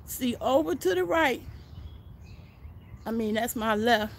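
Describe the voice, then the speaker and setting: A woman's voice: a little high, animated, slow, a little hiss or hum. An older woman, out of breath, chatting folksily as she walks viewers through her backyard garden outdoors on a phone. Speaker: gardening vlogger. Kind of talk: casual walking garden tour.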